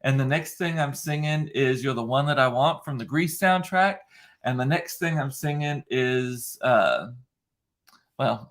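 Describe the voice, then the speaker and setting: A man's voice: medium pitch, a bit bright. A man hosting a casual solo chat show, talking in a chatty, rambling way with frequent fillers. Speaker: host.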